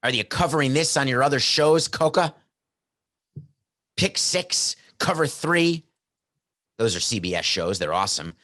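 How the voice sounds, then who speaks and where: Speaking into a headset mic, a middle-aged podcast host riffs through a casual sports talk monologue, sarcastic, joking and heavy on rhetorical questions. His mid-range voice is animated, pushed and bright, a little slow, with frequent pauses.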